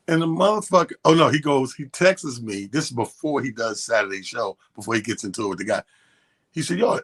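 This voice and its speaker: A man's voice: medium pitch, a bit bright. A man co-hosting a radio show, telling a long, profane story in casual chat and acting out both sides of the quotes. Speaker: radio co-host. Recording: radio studio.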